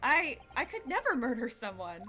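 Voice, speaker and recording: A woman's voice: on the high side, lively intonation, moderate pace, over music, close to an everyday voice. A woman reading the lines of a nervous, apologetic young male university student on trial. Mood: pleading. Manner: anxious, apologetic, pleading.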